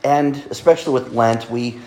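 A male pastor giving a conversational sermon, asking his congregation questions and pausing over his words. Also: medium pitch, dark tone, roomy sound, low-quality recording. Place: church sanctuary.

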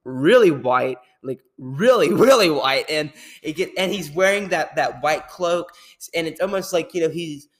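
A young man hosting a podcast, talking casually in a rambling, animated way and laughing often. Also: on the high side, normal speed. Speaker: podcast host.

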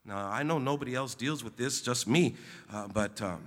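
A man preaching a sermon as pastor, building to loud exclamations and leading call-and-response with his congregation. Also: medium pitch, moderate pace, big-room sound. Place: church sanctuary.

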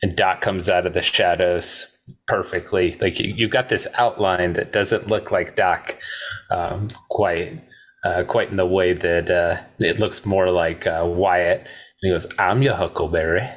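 A man's voice: deep voice, flat delivery, a little slow. A man co-hosting a casual movie podcast, retelling film scenes step by step and laughing often. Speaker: podcast co-host.

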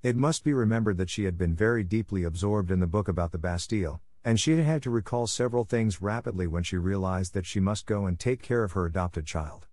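A man narrating a classic novel as an audiobook for language learners, reading in a measured, clear way. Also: low-pitched, a little mellow, dry recording, clean studio sound.

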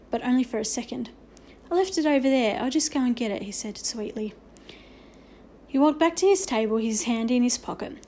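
Storybook reader: woman, fairly high voice, expressive delivery with occasional slips. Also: slight background noise. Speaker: narrator. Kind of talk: storybook reading.

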